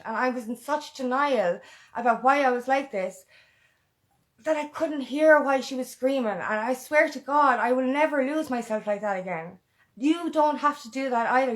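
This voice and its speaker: A woman empowerment coach talking earnestly and emotionally in a motivational vlog, often repeating a mantra. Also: a little high. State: emotional, close to tears.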